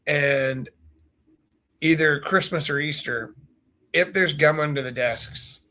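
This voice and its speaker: A man's voice: on the high side, takes it slowly. A man in his forties, an art teacher, telling stories casually and with energy as he paints, joking and acting out his students. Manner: animated, acts out his students' voices; loose and joking. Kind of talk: casual storytelling while painting.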